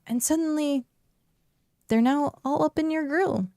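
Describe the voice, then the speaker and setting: A young woman narrating a tabletop role-playing game as game master, describing scenes in a lively way with many asides. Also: high voice, measured pace, dry recording.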